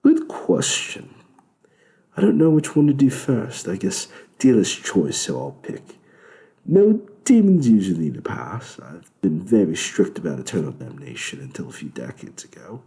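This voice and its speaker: Voiced by a man in a full character performance, a sardonic British devil holds court in his club, amused and lecturing. The voice is very low and gravelly, with a dark, mellow tone.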